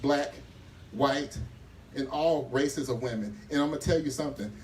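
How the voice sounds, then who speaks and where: A man's voice: mid-range voice, moderate pace. A man giving a rousing, preacher-like speech at an outdoor press conference. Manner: rousing, preacher-like delivery addressing the crowd. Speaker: community advocate speaker. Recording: distant mic with faint ambient noise.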